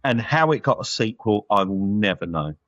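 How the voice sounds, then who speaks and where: Guy swearing his way through a film review, lowish voice, slightly muffled sound. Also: animated, fairly bright tone, dry recording. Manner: blunt, sweary, quick to laugh. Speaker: podcast co-host. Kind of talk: casual film review chat.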